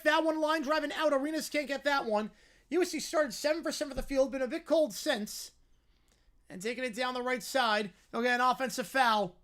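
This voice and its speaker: A livestream host who talks fast, calling a basketball game play by play while answering chat, and getting louder on big plays. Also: sits high. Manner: fast-talking.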